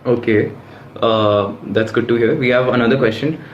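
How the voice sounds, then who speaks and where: A man's voice: medium pitch, fairly even intonation, moderate pace. Polite man host in a roomy room. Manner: polite, addresses guest as sir. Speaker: live session host. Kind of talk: reading audience questions. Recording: roomy lo-fi live stream with faint noise.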